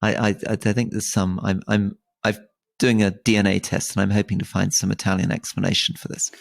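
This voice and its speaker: A man's voice: fairly low pitch, level tone, brisk, creaky. A man in his forties from Britain, co-hosting a casual conversation and often stammering and restarting his words. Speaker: podcast co-host.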